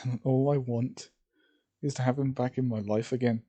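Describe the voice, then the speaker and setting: An insistent, emotional young sister, as a man reading a fan story puts her on. The voice is lifted only slightly above his own and keeps a very dark, mellow tone. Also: medium pitch, fairly even intonation, normal speed, close to an everyday voice. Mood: pleading. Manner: insistent, pleading.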